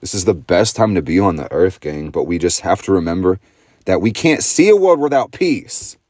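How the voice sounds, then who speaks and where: Deep low voice, dry close sound, young man, swears nonstop, slangy and intense. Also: lively intonation, moderate pace, a little mellow, no room sound. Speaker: astrology vlogger. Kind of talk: profane motivational monologue.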